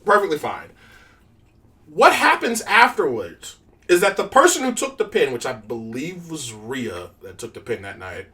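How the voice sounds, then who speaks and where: A woman's voice: mid-range voice, a bit bright, far from the mic. A woman co-hosting a casual podcast chat, blunt, profane and opinionated. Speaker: podcast co-host.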